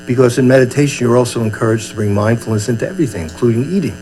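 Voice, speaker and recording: A man's voice: mid-range voice, rapid-fire, few pauses, a little mellow, low-quality recording. An older man from Brooklyn, giving a chatty, humorous dharma talk as a meditation teacher and acting out little scenes. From Brooklyn, USA. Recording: faint mains hum.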